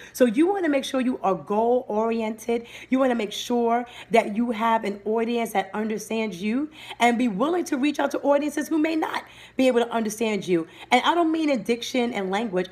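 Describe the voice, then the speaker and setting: A woman hosting a live-streamed motivational talk, speaking energetically and breaking off to greet viewers by name. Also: a little high. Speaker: livestream host and motivational speaker.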